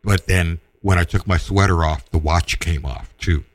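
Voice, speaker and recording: A man casually telling a personal story, animated and acting out the voices of the people in it. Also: sits low, normal speed, dry recording. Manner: animated, acts out quoted voices.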